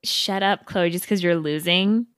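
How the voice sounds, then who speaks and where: A woman's voice: on the low side, a little slow, a bit bright, clean tone, no room sound, studio quality. Teasing woman bickering on a podcast. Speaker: podcast co-host. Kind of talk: casual podcast chat.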